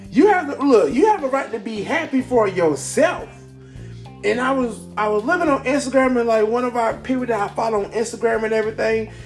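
A man giving casual, upbeat motivational talk to a camera, rambling and full of fillers. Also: high voice. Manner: upbeat, preachy encouragement. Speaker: vlogger.

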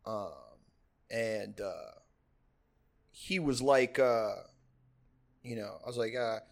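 A man's voice: mid-range voice, slow, gravelly. A young man hosting a podcast, telling a long story in a rambling, profane way, full of "like" and laughs. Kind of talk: casual storytelling chat.

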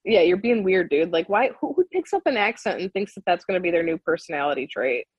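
A young American woman with a husky, lowish voice talks bluntly and swears freely. She chats casually on a podcast, recorded dry and close. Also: lively intonation, fast, dry recording, highs cut off. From United States. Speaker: podcast co-host. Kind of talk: casual chat.

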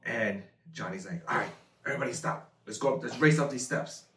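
A man as a podcast guest, telling stories in a laid-back, drawn-out casual way. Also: medium pitch, a bit bright, slight background noise. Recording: echoey room, mic far off.

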